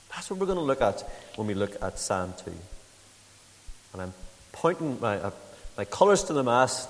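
Pastor preaching in a reverberant hall. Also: male voice, medium pitch. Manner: conversational, asks the congregation questions. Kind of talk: sermon. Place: church building.

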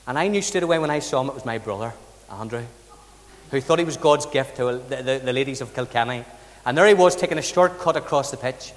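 A man's voice: mid-range voice, quick pace, in a large hall. A man with an Irish accent, from the south of Ireland, preaching a sermon with chatty storytelling and rhetorical questions. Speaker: pastor.

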